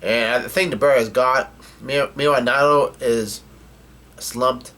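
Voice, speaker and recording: A man's voice: mid-range voice, steady tone, measured pace, fairly bright tone. A man hosting a casual comic read-through, rambling with lots of fillers and swearing freely. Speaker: manga reading channel host.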